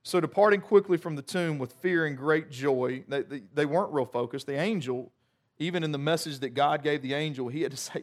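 A man's voice: fairly high pitch, fairly quick. A male pastor, preaching a conversational sermon with joking asides and frequent restarts.

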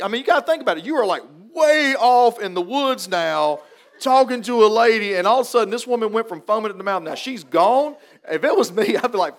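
Male pastor, high voice, folksy storyteller turned earnest preacher. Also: expressive, a little fast, a bit bright. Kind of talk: funeral sermon with storytelling.

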